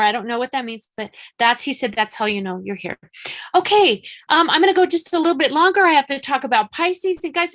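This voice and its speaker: A woman's voice: on the high side, a bit bright. A woman psychic medium doing a live-streamed reading, talking frankly and chattily, swearing casually, and repeating points with urgent emphasis.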